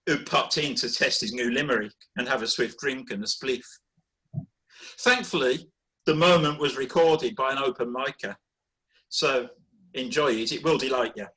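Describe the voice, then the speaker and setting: A man reading comic rhyming poetry in a deadpan, wry way over a video call. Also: medium pitch, poor audio. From Birmingham, England. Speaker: performance poet.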